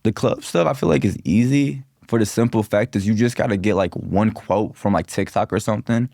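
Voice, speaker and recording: A young man from Minneapolis, a rapper guest on a podcast, talking in a relaxed, rambling way full of "like" and slang. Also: fairly low pitch, a little fast, creaky, no echo, clean studio sound. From Minneapolis, USA. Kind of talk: casual podcast interview.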